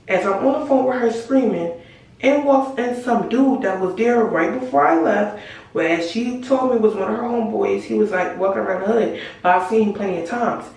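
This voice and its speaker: A woman's voice: mid-range voice, moderate pace, vocal fry, darkish tone. A teenage girl tells a story straight to camera in blunt casual chat. She swears freely and slips into the other people's lines as she goes. The voice sits well back from the mic in a room with a lot of echo. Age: teens. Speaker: vlogger telling a story. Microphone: camera mic at a distance. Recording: very echoey room, far from mic.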